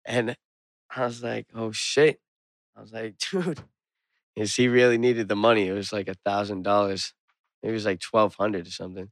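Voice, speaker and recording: A young man telling a rowdy story in casual chat, swearing, animated and getting loud. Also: fairly low pitch, fairly quick, no room sound.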